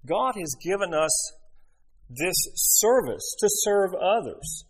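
A middle-aged man preaching a sermon, asking his listeners rhetorical questions and leaning on emphatic pauses. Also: fairly high pitch, big pitch swings. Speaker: pastor.

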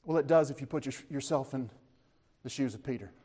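A man's voice: brisk, breathy edge. A man preaching a sermon, retelling scripture as a story, asking his listeners questions and lifting his voice when he speaks the disciples' lines. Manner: animated storytelling, voices the disciples' words with rising pitch; conversational, asks the listeners questions.

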